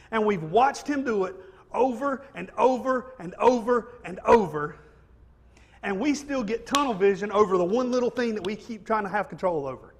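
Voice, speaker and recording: A preacher delivering a conversational sermon in a church. His voice sits high for a man, and he keeps it light and jokey, tossing in "right?" to keep the room with him. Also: a bit bright. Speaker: pastor. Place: church sanctuary.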